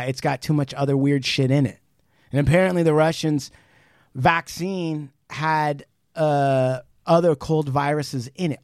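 Animated swearing man on a podcast. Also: fairly high pitch, dry recording, studio quality. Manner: animated retelling, swears freely, many restarts. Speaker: podcast co-host. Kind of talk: casual podcast chat.

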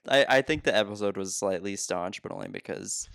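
Low gravelly young man, joking podcast host. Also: fairly quick, a bit bright, dry recording, studio quality. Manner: joking, swears, laughs often. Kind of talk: casual movie podcast banter.

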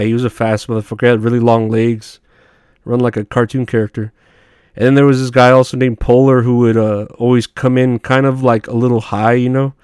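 A man's voice: mid-range voice, a little mellow, clean tone, dry recording, studio quality. A man telling rambling, profane work stories in a casual monologue, often laughing at himself. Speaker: podcast host.

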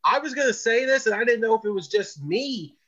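A man's voice: extremely high pitch, expressive, a little fast, pushed and bright, dull audio. A man co-hosting a wrestling podcast in casual chat, easygoing and agreeable. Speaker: podcast co-host.

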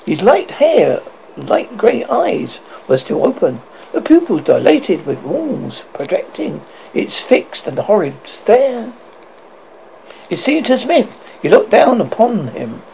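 A man with a high, gravelly voice that swoops all over as he reads a horror tale. He reads dramatically but trips on words and starts them again. The recording sounds dull and lo-fi. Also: huge pitch swings, slow, a little mellow, slight background noise. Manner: dramatic reading with frequent stumbles and restarts. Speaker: horror host narrator. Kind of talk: reading a classic horror story aloud.

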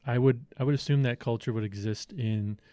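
A man's voice: mid-range voice, fairly quick, warm tone. A man hosting a podcast, asking curious questions and chiming in with short agreements. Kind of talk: casual podcast conversation.

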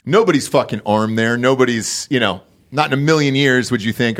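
A man's voice: mid-range voice, a little fast, a bit bright. A man co-hosting a podcast in casual chat, worked up, rambling and swearing. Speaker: podcast co-host.

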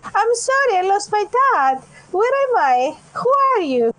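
A woman voicing a frightened little girl who has lost her father, speaking in a high, pleading childlike voice. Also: big pitch swings, measured pace, full character voice. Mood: scared, pleading. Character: scared lost little girl, wide-eyed.

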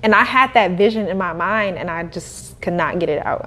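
A young adult woman, a podcast guest who runs a cleaning business, telling her story in a casual, animated way with frequent laughter. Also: fairly low pitch, moderate pace, few pauses, a little hiss or hum. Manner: animated, laughing, acts out quoted voices.

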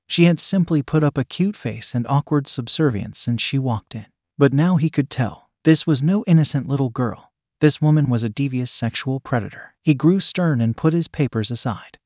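A man narrating a story in an even, unhurried reading voice. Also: medium pitch, no echo, studio quality.

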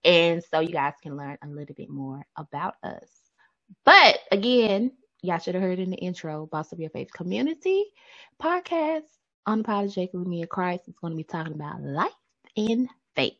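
A woman with a Memphis Southern twang chats on a faith podcast, her pitch swinging freely as she teases and laughs. Her voice is bright and forward. It sounds close and dry, with no room around it. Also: normal speed, no room sound, dull audio. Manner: lively, laughs often, playful teasing. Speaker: podcast co-host, therapist. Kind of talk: casual podcast chat.

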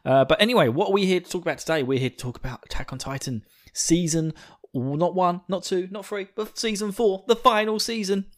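This podcast host is a young man from England who speaks with an Essex accent. He talks fairly quickly in a high voice, keeping things casual and self-deprecating while laughing often.

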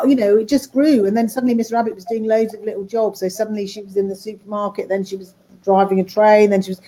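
A woman's voice: mid-range voice, mellow, slight background noise, rough recording. A woman talking casually about her work in animation and voice acting, rambling with restarts. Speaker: animator and voice actor. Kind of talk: casual interview talk.

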